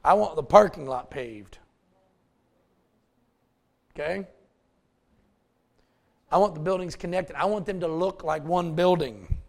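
A male pastor preaching a folksy, animated sermon with asides to the congregation. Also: on the high side, unhurried, creaky, long pauses.

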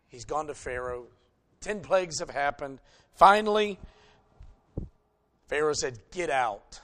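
A man from the American South preaches in a folksy, animated way, teasing the congregation between points. His voice sits high for a man. He swings from loud emphasis down to quiet storytelling. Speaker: pastor. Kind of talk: sermon.

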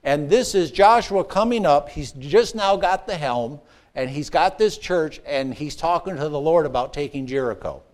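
A man preaching a sermon, with playful asides, call-and-response questions, and swings between excited shouts and hushed, earnest passages. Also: a little high, moderate pace. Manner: rises to excited shouts, drops to hushed tones. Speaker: pastor.

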